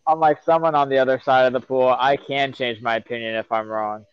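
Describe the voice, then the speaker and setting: Hesitant man with a smooth, muffled voice. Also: mid-range voice, fairly even intonation, a little fast, no echo. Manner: hesitant, second-guessing himself. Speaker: podcast co-host. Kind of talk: casual sports podcast chat. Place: backyard, outdoors.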